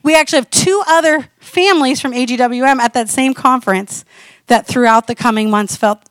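A high-pitched woman in her forties tells her missionary testimony from the pulpit, animated and conversational. The sound is dry and close, with no room around her voice. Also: fairly quick, no echo. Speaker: missionary speaker. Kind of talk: testimony sermon.

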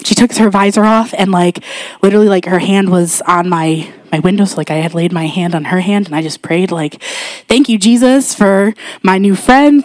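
Woman, 30s, chatty testimony storyteller, lively quoted voices, dry close sound. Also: no room sound. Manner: chatty, animated, acts out quoted voices with rising pitch. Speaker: church member sharing a testimony.

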